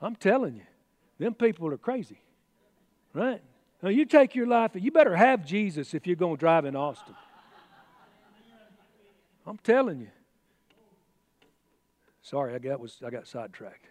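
High-voiced folksy preacher. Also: male voice, very animated, unhurried, pauses often, dry recording, in a large hall. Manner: folksy, exclamatory preaching with asides. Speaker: pastor. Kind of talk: sermon.

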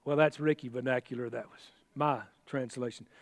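A man's voice: medium pitch, fairly even intonation, normal speed, no room sound, long reverb tail. A man preaching a sermon in a folksy, exclamatory way, with chatty asides. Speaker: pastor.

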